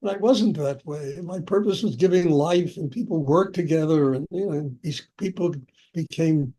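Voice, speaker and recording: A man's voice: a little high, moderate pace, mellow. An older man, a spiritual teacher, telling personal stories in a chatty way and laughing often during a question-and-answer talk. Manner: chatty, anecdotal, laughs often, frequent "you know".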